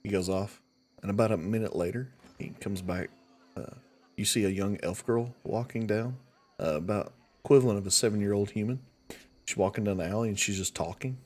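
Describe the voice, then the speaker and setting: A man narrating a tabletop game as game master in a measured, unhurried way. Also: lowish voice, a little mellow.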